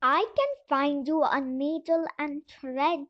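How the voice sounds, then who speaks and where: A woman voicing a cruel, hungry old witch with a croaking voice, in a storybook reading over a dull lo-fi recording. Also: high-pitched, steady tone, slow pace. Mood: menacing. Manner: menacing, furious outbursts. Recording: dull lo-fi voice message.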